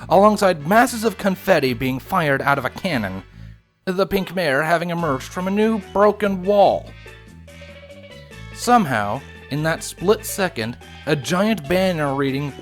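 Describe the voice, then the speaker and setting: A man narrating a fan story aloud in a steady, expressive reading. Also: fairly high pitch. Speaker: reader, narrator. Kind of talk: fanfiction audiobook reading.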